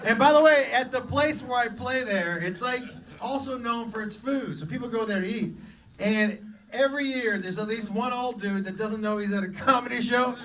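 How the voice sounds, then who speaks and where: A man doing live stand-up on a comedy club stage, telling a story in an animated, profane way. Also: very high-pitched, moderate pace, recorded from a distance, a crowd in the background, rough recording. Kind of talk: live stand-up crowd work.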